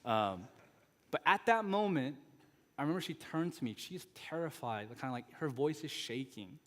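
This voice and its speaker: A man's voice: on the high side, lively intonation, moderate pace. Chatty man preaching in a reverberant sanctuary. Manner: conversational storytelling with frequent asides. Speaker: guest pastor. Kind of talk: sermon. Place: church sanctuary.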